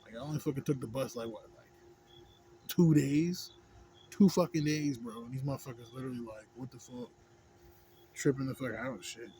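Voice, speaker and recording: A man's voice: mid-range voice, steady tone, fast, darkish tone, slight background noise. A man, ranting in a vlog, rambling and swearing heavily, asking "you know what I'm saying" again and again. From Houston, Texas. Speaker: vlogger. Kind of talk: profane ranting monologue.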